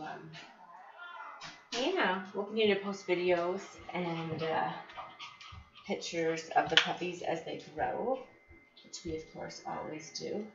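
Woman breeder chatting with lots of ums, lowish voice, dull far-off mic in an echoey room, dogs around. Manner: chatty, many fillers and restarts. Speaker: dog breeder. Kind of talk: casual vlog talk to viewers. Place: home with puppies and dogs. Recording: roomy, distant, dull, noisy home recording. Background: dogs heard in background.

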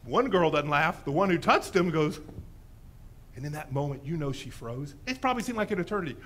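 A man preaching a sermon in a church, telling a story with lively animation and acting out the voices in it. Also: on the high side, a little fast. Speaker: pastor.

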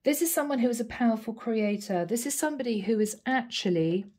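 A woman giving a channeled tarot reading, earnest and emotional, with frequent soft exclamations. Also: a little high, a little fast, breathy edge. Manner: earnest, repetitive spiritual phrasing. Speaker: tarot reader.

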